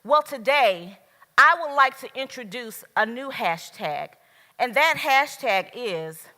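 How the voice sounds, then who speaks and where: A woman giving a motivational speech at a business event, slow and emphatic, with dramatic pauses. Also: on the high side, animated, bright, forceful tone. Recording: long reverb of a large hall.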